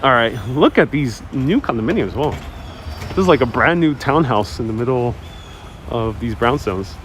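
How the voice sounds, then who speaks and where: A man's voice: mid-range voice, animated, normal speed, fairly bright tone. Man chatting casually on a city walk. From Queens, New York. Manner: reads viewer comments aloud and answers them. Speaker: live-stream walking tour host. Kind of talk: casual live-stream chat while walking. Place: city street outdoors. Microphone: wireless clip-on mic while walking. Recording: outdoor street recording with faint traffic noise. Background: street traffic.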